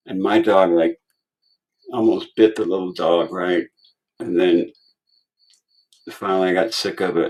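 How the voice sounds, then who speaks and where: A man's voice: lowish voice, fairly even intonation, a little slow. A man hosting his own online show in a casual, rambling chat, tired and cursing freely as he tells stories. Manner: profane, rambling storytelling.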